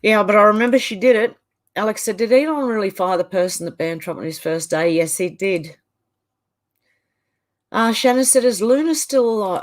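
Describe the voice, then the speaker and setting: A woman's voice: mid-range voice, expressive, moderate pace. Middle-aged aussie woman reading out her live chat, chatty, trails off and restarts a lot. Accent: Australian. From Australia. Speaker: livestream host.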